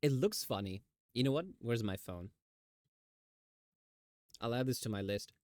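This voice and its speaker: A man's voice: mid-range voice, a little slow, no echo. Chatty male streamer, dry close mic. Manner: chatty, animated storytelling with mimicked voices. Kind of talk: casual chat.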